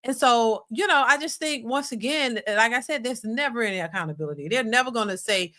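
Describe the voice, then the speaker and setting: A woman hosts a live reaction stream in a voice. She sounds bright and fairly high. She talks emphatically and restarts her sentences often. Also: expressive, brisk. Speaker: reaction channel host.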